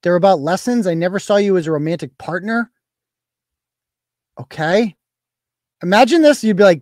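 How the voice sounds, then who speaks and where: A high-voiced male host whose pitch jumps all over as he rants on a live stream. His commentary is sarcastic and profane, delivered close to a dry mic with no room sound. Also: expressive, normal speed, long pauses, a little mellow, no room sound. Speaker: show host.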